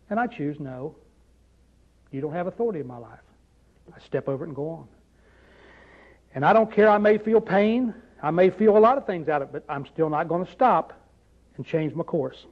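A man's voice: high-pitched, highs cut off. A man preaching a sermon in a conversational way, often asking the congregation rhetorical questions.

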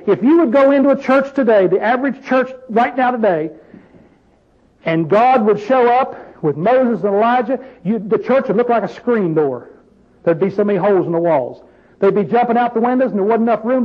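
A man's voice: high-pitched, lo-fi sound. A man preaching an informal Bible-study sermon, folksy and plain-spoken, asking his group questions as he goes.

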